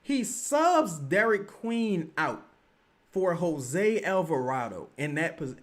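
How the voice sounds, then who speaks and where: Brief: New man, livestream host, somewhat high voice, rowdy slangy game commentary. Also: normal speed. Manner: excitable, yells at the team, slangy trash talk. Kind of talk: live game watch-along commentary.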